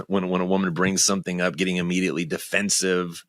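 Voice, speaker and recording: A man's voice: sits low, little pitch movement, fast, a bit bright, no echo, clean studio sound. A man in his fifties, a podcast guest talking candidly and emphatically in a casual conversation in a home basement. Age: 50s.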